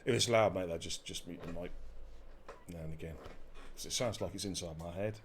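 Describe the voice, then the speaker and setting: Hosting a live esports racing stream, a deep-voiced man talks briskly against background noise. He's energetic and jokey, swearing freely as he banters and commentates.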